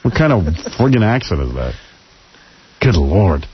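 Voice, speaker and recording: A man's voice: lowish voice, big pitch swings, measured pace, breathy edge. A male radio host, brash and teasing, running a call-in talk show. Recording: dull lo-fi radio audio.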